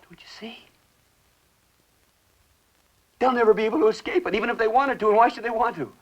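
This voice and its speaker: An actor playing an obsessed man in a 1960s television drama, swinging between whispers and shouts as he raves about money. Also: very high-pitched, very fast, lo-fi sound. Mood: feverish.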